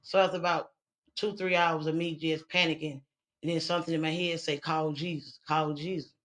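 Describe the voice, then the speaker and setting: A woman's voice: low voice, level tone, fairly quick, fairly bright tone. A woman guest telling her own survival story in a candid, blunt and profane way. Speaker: interview guest. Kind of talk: candid personal testimony.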